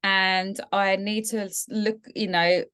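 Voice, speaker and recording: A woman's voice: medium pitch, little pitch movement, slow pace, clean tone. A middle-aged woman from England, co-hosting a podcast and telling a personal story in a casual, heartfelt way that turns emotional. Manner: warm storytelling, gets emotional. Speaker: podcast co-host. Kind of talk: casual chat.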